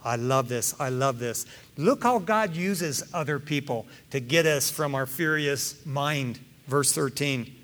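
A man preaching a sermon in a lively, conversational way, acting out the people in his story with slang. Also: mid-range voice, measured pace. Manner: animated, acts out voices, conversational slang. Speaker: pastor.

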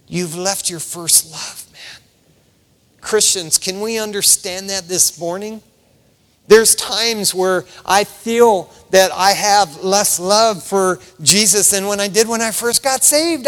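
Middle-aged pastor guy preaching, high voice, loose and lively, calls everyone man, hall echo all around. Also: unhurried. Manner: animated, acts out quoted voices, calls listeners "man". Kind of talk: sermon.

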